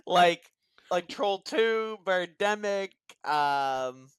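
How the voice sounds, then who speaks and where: A young adult man co-hosts a casual podcast, exasperated and quick to swear. His voice sits a little high, smooth and resonant. The recording is dry and close. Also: animated, a bit bright, dry recording. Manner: exasperated, swearing, laughing asides. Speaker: podcast co-host. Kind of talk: casual movie review chat.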